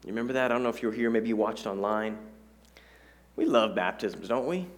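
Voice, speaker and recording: A man's voice: on the low side, a little fast. Man preaching a chatty sermon. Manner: conversational, joking asides, rhetorical questions to the congregation; repeats key phrases for emphasis. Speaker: pastor. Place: church.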